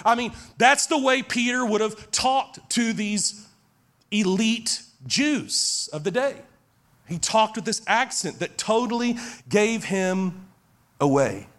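A man's voice: high voice, animated, takes it slowly, fairly bright tone. A man in his forties, a pastor preaching an earnest, emphatic sermon that repeats its key phrases. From Texas.

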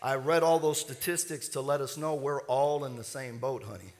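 A man's voice: mid-range voice, fairly even intonation, normal speed, darkish tone. A man preaching a sermon as pastor, building with rising fervor and leading the congregation in call-and-response.

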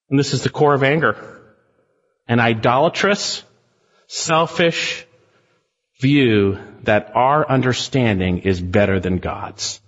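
A man's voice: medium pitch, fairly bright tone, husky, long reverb tail, highs cut off. A male pastor preaching a sermon in an earnest, emphatic way, speaking straight to his congregation.

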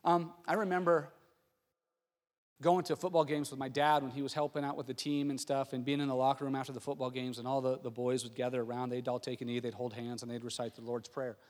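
A male pastor preaching a sermon, telling stories in an animated way that swings from hushed to loud. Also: medium pitch, fast, in a large hall.

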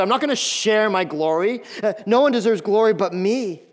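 A man preaching a sermon as a pastor, animated and often repeating words as he builds emphasis. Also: sits high, a little fast.

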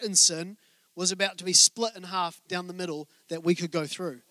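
Bright, high-voiced pastor preaching. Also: male voice, flat delivery, normal speed, no room sound. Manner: humorous storytelling, asides to the congregation. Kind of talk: sermon. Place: church hall with congregation.

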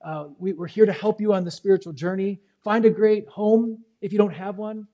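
Earnest high-voiced male pastor. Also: fairly even intonation, normal speed, muffled recording. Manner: earnest, pleading, swings between loud and quiet. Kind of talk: sermon. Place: church service.

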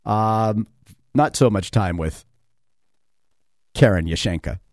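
A man's voice: lowish voice, takes it slowly, darkish tone, no echo, clean studio sound. A man hosting a talk radio show, rambling casually with lots of fillers and chuckles. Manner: chatty, digressive, many fillers and chuckles. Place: radio studio.

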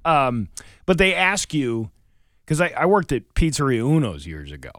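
A man's voice: mid-range voice, sing-song, fairly bright tone, no room sound, studio quality. A man co-hosting a morning radio show, chatting casually and rambling. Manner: rambling, quick to put on silly voices. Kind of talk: casual chat.

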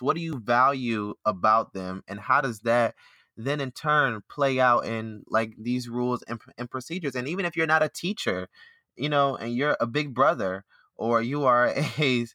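A man telling a story in casual chat, animated and full of fillers. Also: medium pitch, dry recording, clean studio sound. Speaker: podcast co-host, former teacher.

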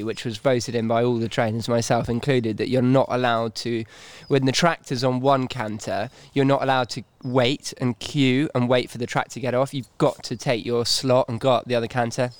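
A man, a racehorse trainer, telling a lively anecdote in casual chat with stammering restarts. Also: medium pitch, fairly quick, few pauses, clear, resonant tone, no echo. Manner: animated storyteller, stammering restarts, laughing through anecdotes. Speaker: racehorse trainer and podcast co-host.

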